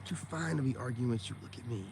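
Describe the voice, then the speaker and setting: A man's voice: mid-range voice, quick pace, a little mellow, slight background noise. A man on a casual livestream, talking bluntly and with profanity straight to his viewers, peppering his speech with "man" and "you know what I'm saying.". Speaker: online self-help streamer.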